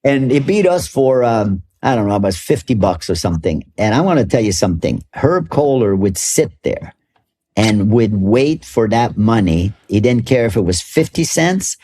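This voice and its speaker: A man's voice: on the low side, very animated, normal speed, mellow, breathy edge. An older man from Canada, a golf club ambassador, telling stories in an interview with many restarts and laughs. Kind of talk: storytelling interview.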